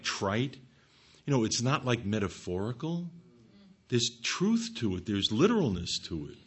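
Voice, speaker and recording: A man's voice: fairly low pitch, husky. A man giving an expository Bible teaching, reading scripture aloud and stressing points emphatically to his listeners.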